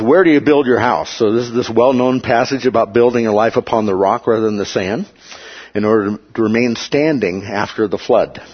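A man teaching a Bible study lecture in a plain, measured way, often checking in with his listeners. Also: on the low side, slightly rough. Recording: dull lo-fi recording.

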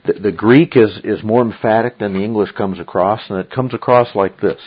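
A man's voice: fairly low pitch, fast, few pauses, slightly rough. Emphatic man teaching Bible study. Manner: emphatic, repeats "okay?" often. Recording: dull lo-fi recording.

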